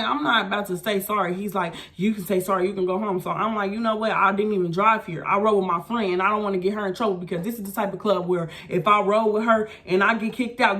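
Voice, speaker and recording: Mulher contando uma história, sem filtro. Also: female voice, medium pitch. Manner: blunt, profane, animated retelling. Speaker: vlogger. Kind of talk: storytime vlog rant.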